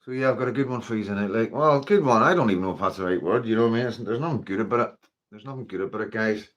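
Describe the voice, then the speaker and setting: Man, Northern Irish accent, somewhat low voice, casual livestream host, rambling chatty delivery. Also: very fast, fairly bright tone. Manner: chatty, rambling, with frequent fillers like "you know" and "like". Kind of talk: casual livestream chat, greeting viewers.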